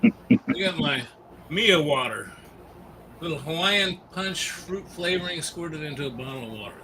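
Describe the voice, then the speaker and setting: A man on a gaming podcast telling an animated anecdote in casual chat. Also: on the high side, moderate pace, recorded from a distance, background noise. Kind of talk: casual storytelling.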